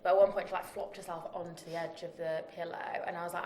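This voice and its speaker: A woman's voice: on the low side, little pitch movement, fast, few pauses, darkish tone. A woman co-hosting a podcast, chatting casually with many "like" fillers. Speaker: podcast co-host, therapist, parent. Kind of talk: casual chat. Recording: echoey room.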